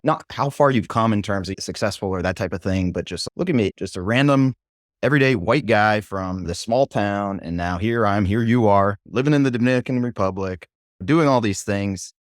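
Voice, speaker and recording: Male podcast host from New Hampshire, easygoing, meandering questions, low voice, dry sound. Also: moderate pace, dry recording. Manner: easygoing, rambling questions, lots of listening murmurs. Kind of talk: casual interview conversation.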